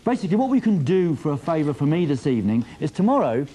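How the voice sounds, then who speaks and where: A man's voice: on the high side, big pitch swings, fast, mellow, slight background noise. A man hosting a music TV show, chatty and self-mocking in a playful way. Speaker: TV host. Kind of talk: jokey TV show presenting.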